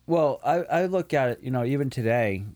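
A man's voice: mid-range voice, animated, brisk, a little mellow. A man co-hosting a podcast in casual chat, speaking reflectively and leaning on "you know.". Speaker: podcast co-host.

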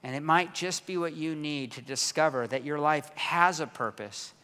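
A man's voice: a little high, normal speed, sharp tone, smooth, in a large hall. A middle-aged male pastor preaching a casual, self-deprecating sermon, often repeating his words as he talks.

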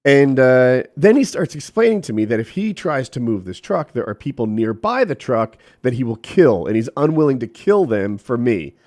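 A man's voice: mid-range voice, moderate pace, hardly any pauses. A middle-aged man telling a story in casual chat, quoting the people in it and swearing freely. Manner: animated, profane, quotes people in voices.

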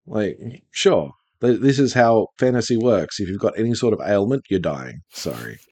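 A man hosting a podcast in casual chat, talking in an animated, rambling way with frequent restarts. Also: lowish voice, normal speed, dry recording. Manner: rambling, animated, self-interrupting. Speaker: podcast host.

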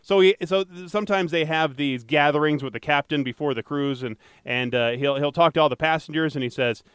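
A man with a smooth, slightly higher-pitched voice co-hosts a casual podcast, chatting his way through odd news items. He jokes, loses his thread and corrects himself, all in a close, dry recording. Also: fairly quick, a bit bright, no echo. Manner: rambling, self-correcting, jokey. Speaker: podcast co-host and traffic anchor.

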